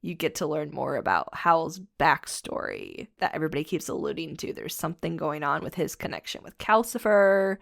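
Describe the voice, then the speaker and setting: A woman co-hosts a casual podcast and summarizes a film in a chatty way, often agreeing with "yeah." Her voice has a lot of vocal fry and a gravelly edge. The recording is close and dry. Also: low-pitched, normal speed, few pauses, a bit bright, no echo. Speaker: podcast co-host.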